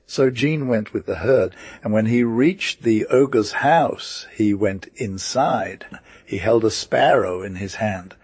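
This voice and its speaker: A man narrating a folktale for an audiobook in a measured storytelling manner. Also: fairly low pitch, darkish tone, husky, no echo. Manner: slow, measured reading with small slips.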